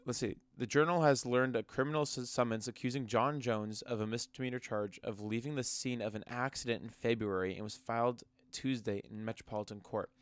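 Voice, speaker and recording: A man's voice: medium pitch, fairly even intonation, fairly quick, hardly any pauses, smooth, no echo. A young man ranting casually and profanely about combat sports, mocking and heated. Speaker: MMA commentary vlogger. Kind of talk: casual rant to camera.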